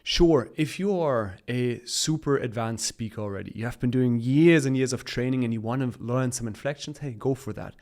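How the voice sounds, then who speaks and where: A man's voice: medium pitch, normal speed, few pauses, a little mellow. A man chatting as a guest on a casual podcast, upbeat and coaching in tone, laughing often as he talks.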